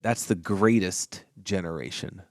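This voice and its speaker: A man's voice: low-pitched, unhurried, dry recording, studio quality. A man co-hosting a podcast in casual chat, giving short replies, laughing, and chiming in with facts. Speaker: podcast co-host.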